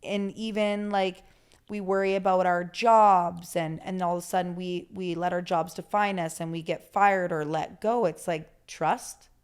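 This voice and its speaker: A candid woman with a lowish voice, chatting as a podcast guest. She tells her stories with animation, swears freely, and talks through her points in a loose, conversational way. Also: steady tone, unhurried, clean tone. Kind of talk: casual conversational interview.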